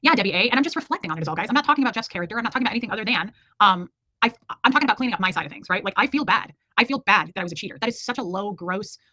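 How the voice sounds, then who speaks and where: A woman in her forties hosts a casual livestream, talking very fast in an animated, medium-pitched, sharp voice with no room sound. She is candid, rambling, and jokey as she reacts to viewer comments.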